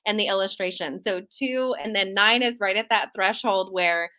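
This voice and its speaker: A woman's voice: medium pitch, normal speed, bright, forceful tone. A woman author who is a guest on a podcast, speaking upbeat and emphatic, laughing often as she gives advice. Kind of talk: casual interview chat.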